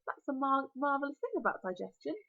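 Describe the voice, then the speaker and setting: A woman's voice: sits high, expressive, fast, gravelly, pushed and bright, heavily acted. A woman with a British accent voicing a huge, smug male dragon who is grandly and cheerfully menacing, in a storybook reading. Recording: lo-fi recording.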